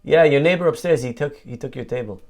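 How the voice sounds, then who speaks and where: A man's voice: medium pitch, fast, natural voice. A man voicing a male tenant with a Spanish-tinged Israeli accent, speaking matter-of-factly. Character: male tenant from Argentina, casual and unbothered.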